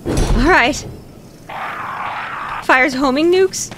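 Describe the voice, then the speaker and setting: Playing a game on stream, a young woman talks casually to her audience and frequently sounds flustered and panicked. She speaks very slowly in a high-pitched voice over a noisy background.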